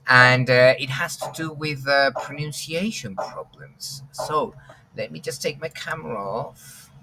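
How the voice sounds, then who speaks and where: A man's voice: mid-range voice, measured pace, background noise. A man teaching an online English lesson, talking casually with many fillers.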